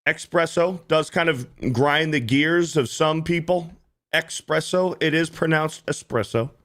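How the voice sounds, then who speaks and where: A man's voice: on the high side, unhurried, a bit bright. A man hosting a livestream, reacting to clips in casual, profane commentary and often repeating himself. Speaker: livestream host.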